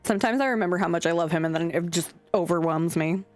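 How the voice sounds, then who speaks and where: A woman's voice: on the low side, quick pace. A young adult woman streamer chatting casually and scatteredly with her chat, swearing now and then. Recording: faint music behind.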